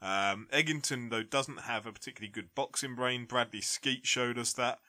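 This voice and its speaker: Brash boxing pundit, bright, punchy delivery. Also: male voice, medium pitch, normal speed. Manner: blunt, animated ranting with frequent "like". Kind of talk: casual podcast debate.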